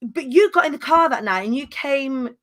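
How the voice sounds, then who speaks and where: A woman's voice: sits high, expressive, normal speed. Effusive woman host. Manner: warm, effusive, colloquial. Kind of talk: casual chat.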